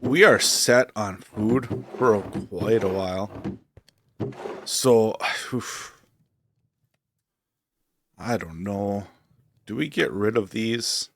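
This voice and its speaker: A man's voice: fairly low pitch, slow, a little hiss or hum. A man streaming a game, talking casually and rambling as he thinks aloud with lots of fillers. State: hiccups. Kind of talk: casual gameplay commentary.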